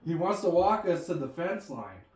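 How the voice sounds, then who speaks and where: A man's voice: on the high side, sing-song. A man telling a funny family story in a casual book club chat. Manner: slow, laughing while telling a story. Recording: roomy sound, distant mic, faint hiss.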